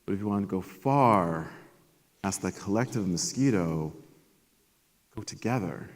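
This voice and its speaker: A man giving a motivational keynote at a conference, energetic and animated as he tells stories to the audience. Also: low-pitched, measured pace. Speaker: keynote speaker. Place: large conference hall. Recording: long hall reverb.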